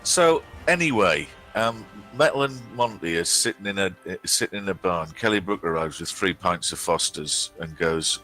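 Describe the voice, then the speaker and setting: A man's voice: deep voice, animated, normal speed, few pauses, sharp tone, soft background music. A man, bantering and joking casually while streaming a game match, with many ums and restarts.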